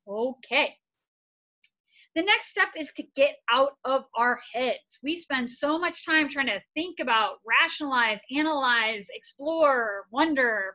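A woman's voice: high-pitched, animated, a little slow, bright, forceful tone, muffled recording. A woman therapist giving a casual, upbeat wellness workshop, encouraging and repetitive. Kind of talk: casual instructional talk.

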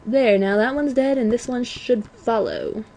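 Chatty teenage girl gamer, slow and apologetic. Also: fairly high pitch. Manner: chatty, apologetic, self-mocking, bursts of excitement. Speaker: let's play gamer. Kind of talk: casual gameplay commentary. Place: home.

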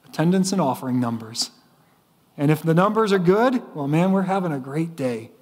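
A man's voice: on the high side, lively intonation, moderate pace, darkish tone, long reverb tail. A man preaching a sermon as pastor, telling stories with frequent restarts. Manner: storytelling preacher with repeated restarts. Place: church sanctuary.

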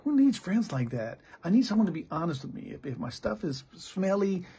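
A man's voice: sits high, sing-song, a little fast, mellow. A middle-aged American man preaching a blunt, candid sermon as a pastor. He talks plainly and often restarts his sentences. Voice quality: gravelly and very raspy. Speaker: pastor and missionary.

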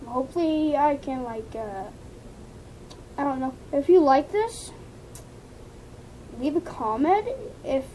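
High-voiced chatty woman vlogging. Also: animated, slow, long pauses, mellow, a little hiss or hum, low-quality recording. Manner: rambling, chatty self-talk with asides to viewers. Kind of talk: casual commentary while painting.

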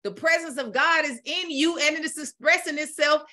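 Her voice sits high. As a spiritual teacher, she first preaches with increasing zeal, then eases into leading a gentle, slow guided meditation.

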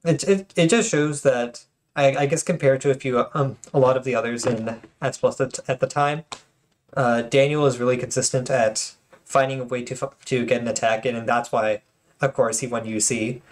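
A man's voice: mid-range voice, steady tone, normal speed. A man casually commenting on game replays, often stuttering and restarting his words, with apologetic asides. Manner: self-conscious, apologetic asides.

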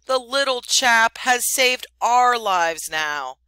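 A woman reads as a grown man in a storybook, hearty and grateful. The voice is bright and clear, and the words come slow. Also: fairly high pitch, lively intonation, dry recording, pitched above the performer's own voice, heavily acted. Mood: relieved. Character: grateful grown man, relieved father of the house.

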